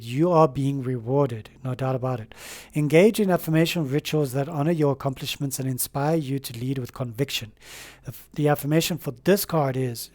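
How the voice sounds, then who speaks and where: Tarot reader, male, slightly high and mellow voice, gentle and affirming, unhurried and rambling. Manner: gentle, affirming, leaves slow pauses in the affirmations; rambling, with fillers and restarts. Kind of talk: spoken tarot reading to camera.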